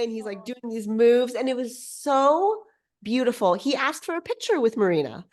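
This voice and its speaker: Brief: excitable woman podcast guest, slightly high voice, casual storytelling with lots of restarts. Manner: bubbly, excitable, quick restarts; lively swings in pitch.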